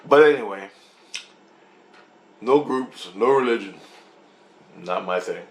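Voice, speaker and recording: A man's voice: fairly low pitch, animated, slow pace, roomy sound. A man telling a long, rambling story in a monologue, swearing freely and restarting sentences. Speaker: vlogger recounting a dream.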